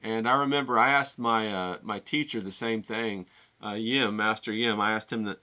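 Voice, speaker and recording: A man's voice: on the low side, normal speed, sharp tone. A man hosting a painting vlog, talking in a rambling, enthusiastic way with lots of fillers and casual swearing. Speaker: painting channel host. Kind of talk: casual motivational vlog talk. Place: home in the desert.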